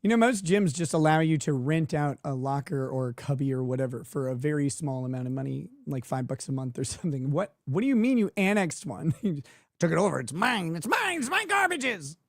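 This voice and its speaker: A man's voice: on the high side, fairly quick, darkish tone. A man hosting a livestream, talking casually and sarcastically and laughing often. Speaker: livestream host.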